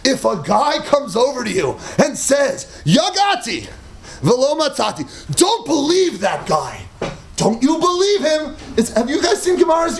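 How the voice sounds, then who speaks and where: A man teaching a Talmud class, animated and emphatic, mixing Hebrew and Aramaic terms into English and laughing at his own points. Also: extremely high pitch. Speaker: Torah teacher.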